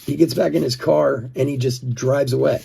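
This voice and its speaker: A man's voice: medium pitch, steady tone, moderate pace, gravelly, warm tone, breathy edge. A man, host of a live card-breaking stream, telling a rambling story full of "like" and chuckles. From Philadelphia area. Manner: rambling, chuckles often, says "like" a lot. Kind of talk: live-stream storytelling while opening cards.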